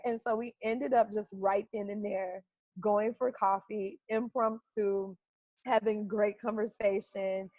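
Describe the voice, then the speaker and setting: A Canadian woman, a guest on an interview, tells casual stories chattily, laughing often and saying "like" a lot. Her medium-pitched voice is a little mellow, with flat delivery at a moderate pace. The recording sounds dry and dull.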